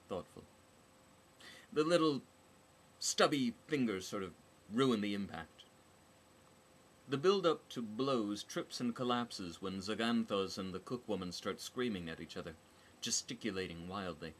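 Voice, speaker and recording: A man's voice: low voice, measured pace, fairly bright tone, slight background noise. A man narrating a novel as an audiobook, with a dry, wry delivery.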